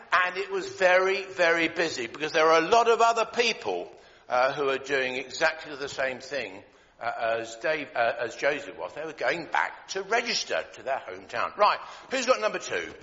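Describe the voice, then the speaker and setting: A man leads a children's Christmas talk with jokes and plenty of filler pauses. His voice is bright and swings widely in pitch. It comes through a long hall echo on a dull, lo-fi recording. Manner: jokey, lively, many filler pauses. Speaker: church leader giving a children's talk. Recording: echoey hall, dull lo-fi sound.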